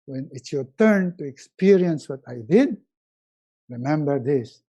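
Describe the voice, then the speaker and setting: This Filipino-accented man from the Philippines is a resiliency coach giving a motivational webinar, animated and at normal speed. He stresses points emphatically by repeating key words and often dropping to a low, soft voice. The recording quality is low.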